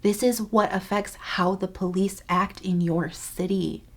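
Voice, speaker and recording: A woman's voice: medium pitch, steady tone, unhurried. A woman vlogger talking earnestly to camera, pleading and repeating herself for emphasis. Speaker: skincare YouTuber. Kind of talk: earnest direct-to-camera talk.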